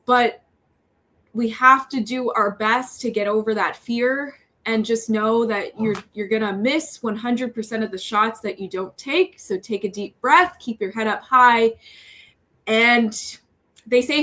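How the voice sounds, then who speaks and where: A woman's voice: on the high side, slow pace, sharp tone. A young woman, a TV news reporter, talking earnestly as a podcast guest, chatty, with frequent laughs and fillers. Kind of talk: casual interview talk.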